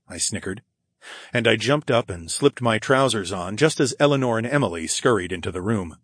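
A man narrating a romance audiobook in the first person, with a low, intimate delivery and soft sighs. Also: lively intonation, moderate pace, dry recording, studio quality.

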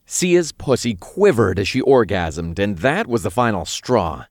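A man reading a first-person story as narrator in an even, unhurried way. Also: lowish voice, dry recording, studio quality.

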